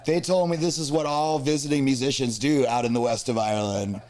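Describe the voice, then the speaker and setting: An American musician telling crude, comic stories from his travels in a relaxed podcast chat. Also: mid-range voice, a little fast. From United States. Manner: animated, crude, comic storytelling. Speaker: musician guest. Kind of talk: storytelling in a casual podcast chat.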